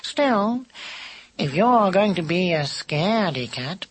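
A man's voice: high-pitched, big pitch swings, slow, husky, voice pushed up, full character voice, poor audio. Man voicing a sly, drawling male cat. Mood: teasing. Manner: drawling, mocking, musing. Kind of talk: audiobook character voice.

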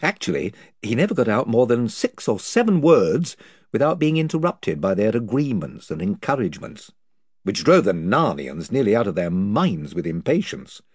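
Expressive storybook narrator, dry recording. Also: mid-range voice, normal speed, husky, dry recording. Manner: lively, expressive. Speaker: audiobook reader.

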